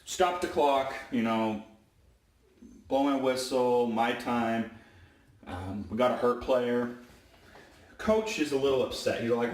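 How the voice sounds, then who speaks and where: A man who works as a high school basketball referee, telling stories casually in a rambling way and often correcting himself. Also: a little slow, long pauses, far from the mic. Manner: rambling, self-correcting, with many fillers. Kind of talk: casual storytelling vlog. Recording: roomy echo, away from the mic.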